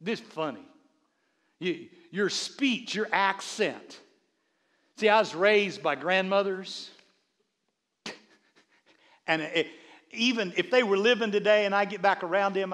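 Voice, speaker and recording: A man preaching a sermon as a bishop, animated, with frequent stammered restarts and quiet asides. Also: high-pitched, measured pace, long pauses. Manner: drops into quiet asides and quoted voices. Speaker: bishop and pastor.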